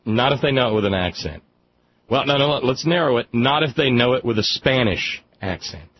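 A man's voice: mid-range voice, expressive, normal speed, slightly rough. Southern guy radio host, rambly and wry, lots of uh and restarts, kinda muffled broadcast sound. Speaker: radio talk show host. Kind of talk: casual call-in chat.

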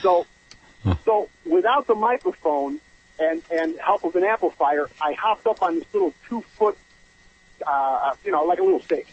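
A man calling in to a radio show, telling a long story in a rambling, halting way and acting out the people in it. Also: high voice, lively intonation, husky. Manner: rambling, halting, acts out voices in his story. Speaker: caller. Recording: muffled phone line on radio.

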